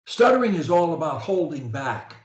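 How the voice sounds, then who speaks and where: A man's voice: a little high, normal speed, dull audio. Emphatic male speech coach, echoey room. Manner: energetic, emphatic, drills phrases for repetition. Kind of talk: coaching a client. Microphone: video call. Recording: echoey room on a video call.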